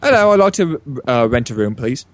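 A man's voice: mid-range voice, very animated, fairly quick, no echo, pitched below the performer's own voice, lightly acted. A man playing a prank caller with a put-on British accent, mocking and theatrical, swearing now and then.

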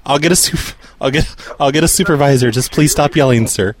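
A man's voice: medium pitch, brisk, a crowd in the background. A man making a prank call, stammering and whining in mock hurt. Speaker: prank caller.

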